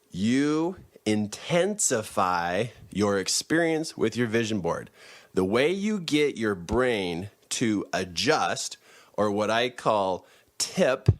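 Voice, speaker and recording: A man giving a motivational teaching talk, emphatic and repeating his key phrases. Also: fairly low pitch.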